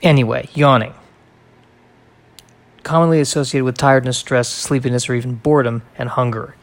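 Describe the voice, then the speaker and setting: Guy doing a solo podcast, gravelly voice, rambly and wry, dry close sound. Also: medium pitch, fairly even intonation, a little fast, no room sound. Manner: rambling, reads aloud and digresses with wry asides. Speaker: podcast host. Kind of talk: solo casual podcast monologue.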